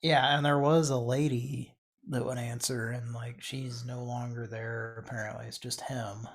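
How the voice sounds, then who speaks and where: A man's voice: medium pitch, flat delivery, unhurried, gravelly. A man hosting a podcast in casual chat, rambling and restarting his sentences as he talks. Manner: rambling, chatty, trails off and restarts. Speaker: podcast host.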